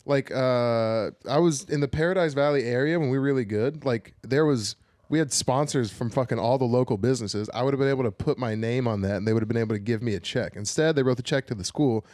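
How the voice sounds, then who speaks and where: A man's voice: mid-range voice, fast, no echo, studio quality. A young man co-hosting a podcast, rambling and swearing through a loose casual chat. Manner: rambling, profane, animated storytelling with put-on whiny voices. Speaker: podcast co-host.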